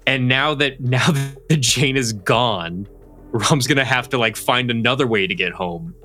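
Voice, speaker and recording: Bright-voiced man player rambling. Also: medium pitch, animated, a little slow, faint music behind. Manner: rambling, filler-heavy. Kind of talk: tabletop role-playing game player.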